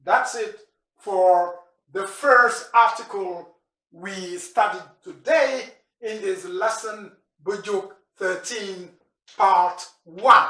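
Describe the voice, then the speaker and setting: A man gives a patient language lesson, going over each word again and again. He speaks very slowly, with many pauses and restarts. His voice rings in a roomy, echoey space. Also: sits high, bright, forceful tone. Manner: slow, repeats and spells out words; frequent restarts and fillers. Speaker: language teacher. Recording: echoey room.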